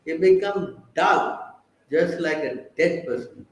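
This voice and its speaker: A man's voice: fairly high pitch, slow pace, echoey room, poor audio. A man giving a scripture class, preaching and prodding his listeners with rhetorical questions.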